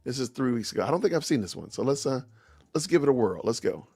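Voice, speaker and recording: A man's voice: medium pitch, big pitch swings, fast talker, dark tone, breathy edge, no echo. A man hosting a podcast livestream, chatting casually in an easygoing way with many fillers, close to his streaming mic. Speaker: podcast host.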